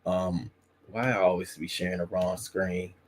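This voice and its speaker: A man's voice: sits low, level tone, measured pace, a little hiss or hum. A man hosting a casual commentary show, chatting in a loose, profane way at his desk mic. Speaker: host.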